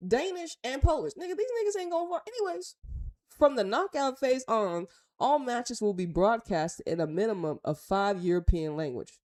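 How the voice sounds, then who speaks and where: Blunt, lively American woman host. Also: fairly high pitch, moderate pace. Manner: blunt, slangy, reacts aloud while reading. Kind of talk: casual commentary reading news aloud.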